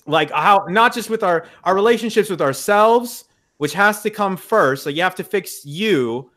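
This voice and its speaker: Young male podcast guest, fairly high voice, blunt and swearing, emphatic. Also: expressive, moderate pace, a bit bright. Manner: frank, profane, emphatic. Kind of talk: casual conversation. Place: in the US Midwest.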